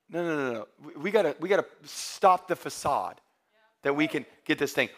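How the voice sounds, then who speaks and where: A man in his thirties preaching a sermon as pastor, emphatic and building to loud peaks, mixing in humorous stories. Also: a little high, animated, moderate pace. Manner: emphatic, rising to near-shouting peaks; storytelling with humor and quoted voices.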